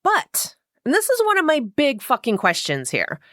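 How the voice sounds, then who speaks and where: A woman's voice: high voice, huge pitch swings, normal speed, fairly bright tone, no room sound, clean studio sound. A woman casually recapping a horror novel, chatty and profane, acting out quoted lines with wry asides. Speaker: book vlogger.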